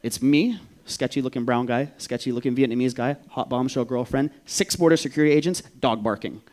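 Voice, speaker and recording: On stage, a man from Vancouver, Canada recounts a personal story at a brisk pace and medium pitch. His telling is profane and animated, with him acting out the voices.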